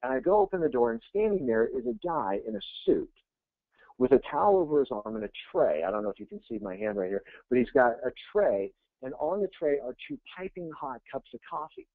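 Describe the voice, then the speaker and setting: A man coaching real estate agents in a webinar, telling jokey, energetic stories. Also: on the high side, vocal fry, no echo. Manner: energetic, joking, fast anecdotes. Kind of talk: webinar coaching talk with storytelling. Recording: tinny phone-like line, dry.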